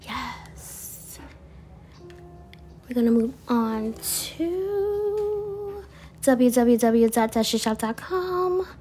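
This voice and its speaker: Laid-back lady reading affirmation cards real slow, kinda high voice, lots of laughs. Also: lively intonation, warm tone, faint music behind. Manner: laid-back, laughs often, slangy asides; reads cards slowly and deliberately. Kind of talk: casual chat.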